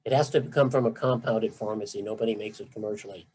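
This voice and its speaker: A man's voice: lowish voice, quick pace, dark tone, husky, low-quality recording. A middle-aged man, a physician, giving a conversational, emphatic talk on treatment to patients, with asides. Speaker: physician lecturer.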